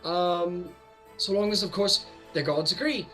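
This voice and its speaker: Guy playing a stiff polite elf lady grand mage, formal and measured, bright tone. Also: high-pitched, faint music behind, pitched above the performer's own voice, poor audio. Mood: questioning.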